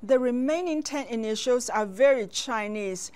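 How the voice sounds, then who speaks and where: A woman teaching a children's language lesson in a slow, clear voice, pausing for the learner to repeat after her. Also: fairly high pitch, lively intonation, a little mellow.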